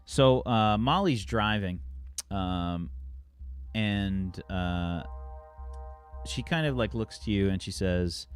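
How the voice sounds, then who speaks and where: A man acting as game master, recapping the story with many pauses and fillers. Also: on the low side, soft background music. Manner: halting recap, many ums and uhs. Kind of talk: narrating a tabletop game.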